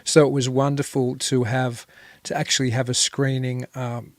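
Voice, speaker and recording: A man's voice: medium pitch, level tone, moderate pace, no echo. A man hosting a podcast interview, upbeat and chatty, often repeating his words. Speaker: podcast host. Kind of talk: casual interview.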